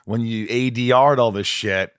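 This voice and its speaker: A man hosts a podcast interview in a mid-range voice, recorded close and dry. He sounds enthusiastic and chatty, and slips into low, confiding asides. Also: fairly even intonation, normal speed, fairly bright tone, clear, resonant tone, no room sound. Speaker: podcast host. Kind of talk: casual interview chat.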